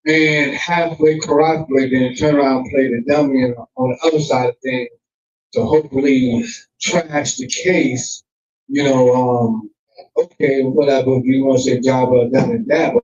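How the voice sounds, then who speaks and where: A man co-hosting a casual podcast, talking in a measured, rambling way with lots of fillers. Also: mid-range voice, steady tone, darkish tone. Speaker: podcast co-host. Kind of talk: casual chat. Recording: echoey, distant, dull lo-fi sound.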